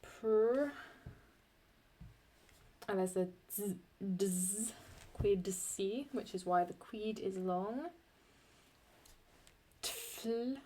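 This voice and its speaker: A woman talks through a Latin meter lesson at an unhurried, slow pace. She thinks aloud, corrects herself as she goes, and draws out the Latin verses deliberately. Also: medium pitch, warm tone. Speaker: Latin teacher. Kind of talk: screen-recorded lesson.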